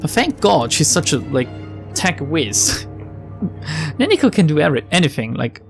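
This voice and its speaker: Low, gravelly woman gaming host. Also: big pitch swings, moderate pace, over music. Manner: wry, laughing, swears casually. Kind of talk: casual let's-play commentary.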